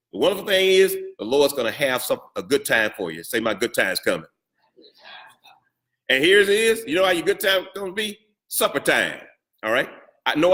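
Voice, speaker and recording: Bright-voiced preacher, playful call-and-response. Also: male voice, fairly high pitch. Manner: call-and-response preaching with humor and rhetorical questions. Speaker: pastor. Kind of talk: sermon.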